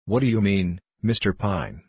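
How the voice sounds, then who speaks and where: A man's voice: fairly low pitch, sing-song, moderate pace, a little mellow, breathy edge, dry recording. A man reading a pompous ship's captain. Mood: formal. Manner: pompous, formal. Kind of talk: audiobook character voice.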